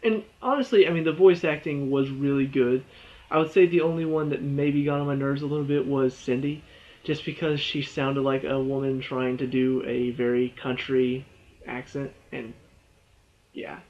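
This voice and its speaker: A man's voice: mid-range voice, fairly even intonation, normal speed, darkish tone, highs cut off. A man giving a casual spoken game review, rambling and exasperated, with lots of "you know" and "all of a sudden.".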